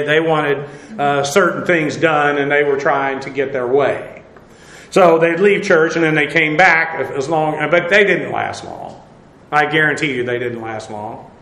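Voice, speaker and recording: A man's voice: sits high, pushed and bright, roomy sound, rough recording. An older man preaching a sermon as pastor, in a conversational way with many fillers and restarts.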